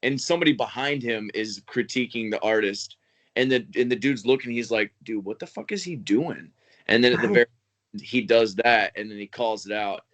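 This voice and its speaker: A man's voice: medium pitch, steady tone, a little fast, fairly bright tone, dry recording. A young man co-hosting a casual comedy podcast, rambling and trailing off as he spins ideas. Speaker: podcast co-host.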